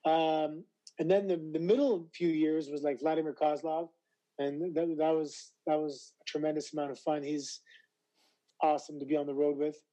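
Slightly hoarse man, dark mellow tone. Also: a little high, normal speed, rough recording. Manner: animated storyteller with frequent stammered restarts. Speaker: interview guest, former wrestler. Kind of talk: casual interview chat.

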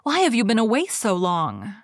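A woman's voice: a little high, huge pitch swings, normal speed, dry recording, clean studio sound, voice pushed up. A woman reading as a tender mother queen. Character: loving, sorrowful mother queen.

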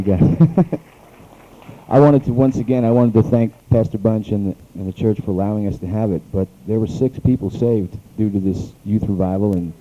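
A man's voice: on the low side, dark tone, muffled recording. A man leading a youth revival, speaking to a church congregation in a fervent, plain-spoken way.

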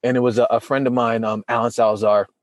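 A man's voice: fast talker, no echo. A man in casual chat, telling a personal story with feeling and acting out what people said. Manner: animated storytelling, acts out quotes with big pitch jumps.

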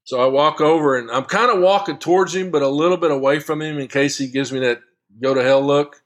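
A man's voice: a little high, fairly quick. Chuckling man spinning a golf yarn. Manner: lively, chuckling raconteur. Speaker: guest, long drive golfer. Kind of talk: casual storytelling anecdote.

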